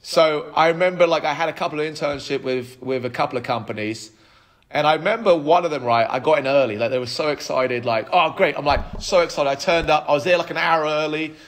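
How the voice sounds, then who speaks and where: A man in his thirties, a podcast guest telling his life story in an animated way, with frequent restarts. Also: fairly high pitch, brisk. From United Kingdom. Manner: animated, acts out quoted dialogue, frequent restarts. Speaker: podcast guest, app co-founder.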